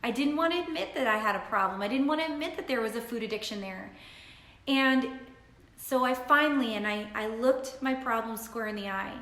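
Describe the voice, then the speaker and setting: A woman's voice: on the high side, a little fast, fairly bright tone. A woman nutritionist telling her personal story in an earnest, emphatic way, repeating her points. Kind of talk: personal testimony talk. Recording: roomy echo.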